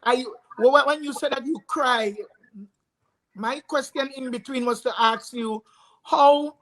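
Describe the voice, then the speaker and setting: A woman's voice: fairly high pitch, poor audio. A woman hosting a talk show, interviewing a guest and announcing a break.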